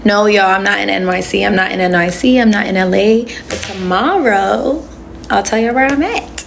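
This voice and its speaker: A woman's voice: mid-range voice, normal speed, creaky, slight background noise. A young woman in her twenties hosting a casual livestream, chatting and answering comments with slangy asides into a phone. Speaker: livestream host.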